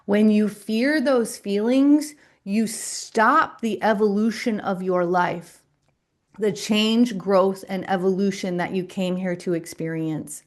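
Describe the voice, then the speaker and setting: A middle-aged woman gives a spiritual talk on a live stream, her voice sitting at an ordinary pitch. She speaks very slowly and deliberately, letting each phrase settle in a soothing, unhurried way. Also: fairly even intonation. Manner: slow, deliberate, soothing delivery. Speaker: spiritual coach and astrologer.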